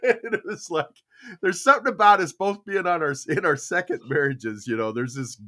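Lively older man spinning a story. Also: on the high side, normal speed. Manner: animated, acts out quoted voices. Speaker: podcast host. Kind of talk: casual storytelling.

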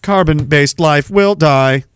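A man's voice: fairly high pitch, slow pace, clean tone, no echo, clean studio sound. A man doing a sinister smart-speaker machine voice. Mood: menacing.

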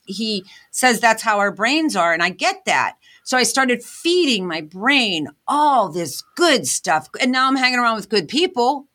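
A woman's voice: on the high side, very animated, a little slow, few pauses, pushed and bright. A woman guest in an interview, talking earnestly about her path as an inventor and motivational speaker. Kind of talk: candid interview talk.

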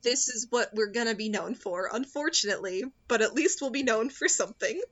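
A woman's voice: on the high side, a little fast, fairly bright tone. A young woman in casual chat, rambling and giggling as she recaps a movie and acts out the characters' lines. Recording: dull lo-fi sound.

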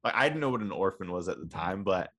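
A young man co-hosting a podcast talks fast in a low, slightly bright voice with lively intonation. The talk is a casual chat as he rambles through a made-up story.

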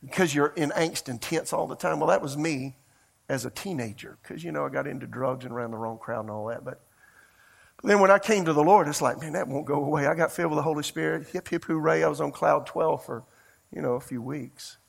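Gravelly pastor preaching a sermon. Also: male voice, fairly high pitch, brisk. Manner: conversational storytelling, fervent, addresses the congregation directly.

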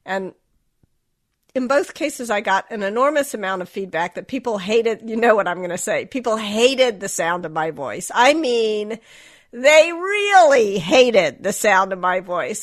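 A woman's voice: medium pitch, animated, measured pace. A middle-aged woman raised in the American South, her Southern accent long gone, answers interview questions candidly. She circles back on herself, restarts phrases and pokes fun at herself. Her voice sits in an ordinary middle register. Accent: General American, Southern accent dropped. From Southern United States. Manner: reflective, self-deprecating, restarts often. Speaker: author and guest.

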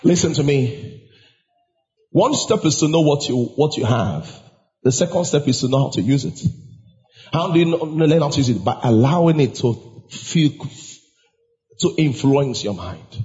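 A man preaching a sermon as pastor, emphatic and now and then shouting or singing out lines. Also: a little high, expressive, normal speed. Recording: dull sound with long hall reverb.

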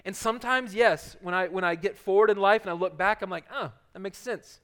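A middle-aged male pastor preaching a sermon, swinging from loud urgent passages to hushed soft ones. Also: sits high, quick pace.

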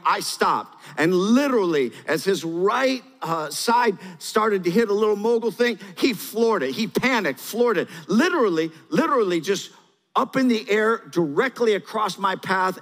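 A man's voice: high-pitched, a bit bright. A middle-aged man preaching, telling stories, asking the crowd questions and repeating key phrases. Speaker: pastor. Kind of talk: sermon. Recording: long hall reverb.

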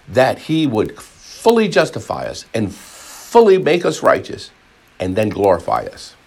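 A man's voice: medium pitch, gravelly, slightly rough. A man preaching a sermon, rambling with frequent repeats and restarts, and acting out voices in his examples. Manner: animated, acts out crowd voices.

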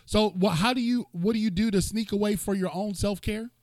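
A man with a notably high speaking voice hosts a casual interview. He addresses the audience directly in lively, preachy asides. The sound is dry and close, with no room echo. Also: brisk. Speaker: host.

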